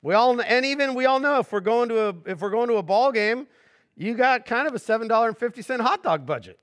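A middle-aged man preaching a conversational sermon as pastor, joking and swinging between hushed earnest points and animated asides. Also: very high-pitched, quick pace.

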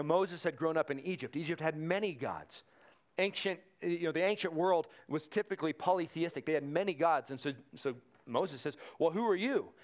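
A male pastor preaching a conversational sermon, slowing down to stress key phrases. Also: on the high side. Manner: conversational preaching with fillers and restarts, slowing for emphasis.

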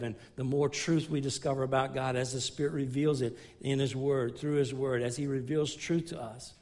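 A middle-aged pastor preaches a sermon earnestly, building emphasis by repeating and restarting phrases. When he tells a story, his voice drops low.

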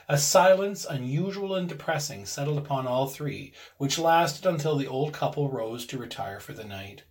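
A man reading a classic ghost story aloud with expressive, varied delivery. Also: fairly high pitch, normal speed. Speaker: reader.

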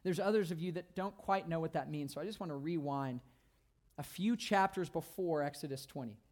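A man with a notably high voice preaches a sermon. He is emphatic and repeats phrases to drive each point home. His delivery swings from loud, ringing declarations to quiet, hushed asides. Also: a little fast. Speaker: pastor.

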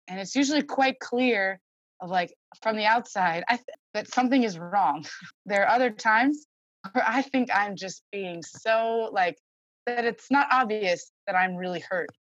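Husky young woman, reflective and candid. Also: medium pitch, no room sound, lo-fi sound. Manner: open and reflective, many fillers. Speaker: guest. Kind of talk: candid podcast conversation.

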